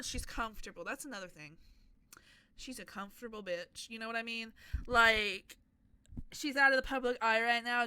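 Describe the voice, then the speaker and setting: A young woman in her twenties talks casually about her game characters, chatty and playful and swearing freely. Her voice is bright and clear, a little higher than most. The sound is dry and close. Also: no room sound. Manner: rambling, self-deprecating asides. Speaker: content creator.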